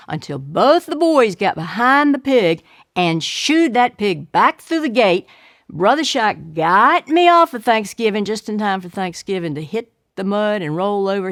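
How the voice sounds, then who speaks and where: An older woman telling a childhood story, acting out the shouts and voices of her family. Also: lowish voice, no room sound, studio quality.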